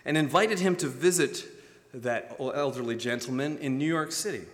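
A man's voice: medium pitch, moderate pace. A man preaching a sermon, telling stories and acting out the voices of the people in them. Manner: storytelling preacher, acts out quoted voices. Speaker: pastor. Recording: long hall reverb.

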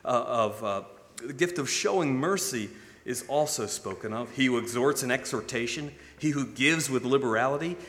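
A man's voice: mid-range voice, a bit bright. Preacher man in a reverberant church. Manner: storytelling preacher, acts out quoted voices. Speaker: pastor. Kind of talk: sermon. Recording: long hall reverb.

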